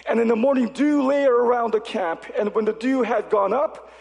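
A man preaching a sermon, reading scripture aloud and asking the congregation rhetorical questions with animated delivery. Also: extremely high pitch, moderate pace, creaky, long reverb tail. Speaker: pastor.

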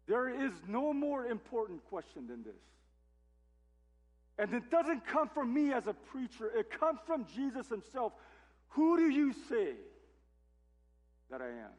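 A man's voice: high voice, breathy edge. A man preaching a sermon as pastor, emphatic and full of rhetorical questions, in a church sanctuary. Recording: long hall reverb.

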